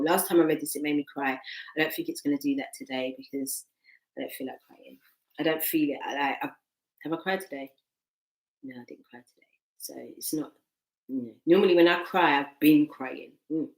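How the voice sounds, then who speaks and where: A woman's voice: sits low, reverberant. A woman doing a casual tarot reading, chatty and repeating her phrases as she talks to herself. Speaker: tarot reader.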